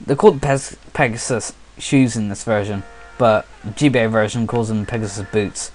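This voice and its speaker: A man's voice: fairly low pitch, steady tone, normal speed, soft background music. Sleepy man rambling over game play. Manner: rambling, frequently restarting and correcting himself. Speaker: let's play commentator. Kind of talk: casual game commentary.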